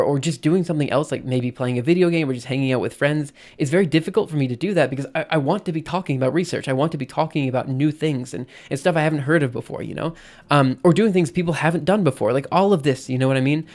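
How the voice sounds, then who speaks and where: A man's voice: a little high, fairly quick. A man live-streaming in casual chat, rambling and self-interrupting, often checking in with "right?" between thoughts.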